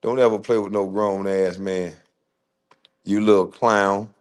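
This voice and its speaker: A man, ranting in a loud, taunting roast, firing repeated questions and laughing often. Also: lowish voice, steady tone, measured pace. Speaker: host. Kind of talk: roast rant.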